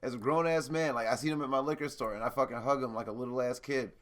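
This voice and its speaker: A young man co-hosting a podcast, telling profane stories animatedly with loud laughs. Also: mid-range voice, fairly even intonation, fast. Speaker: podcast co-host. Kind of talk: casual chat.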